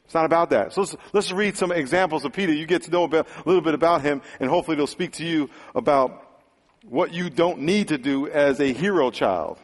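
A high-pitched man preaches with a lot of life, jumping into voices for the people in his stories and then sinking to a hush to drive a point home. His voice rings out with a long hall reverb, as if from the front of a church. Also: fairly quick. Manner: animated, acts out quotes, swings loud and quiet. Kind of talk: sermon.

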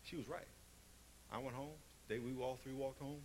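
A man's voice: medium pitch, moderate pace, background noise. A man preaching a sermon, telling stories and hammering points through emphatic repetition. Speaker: pastor.

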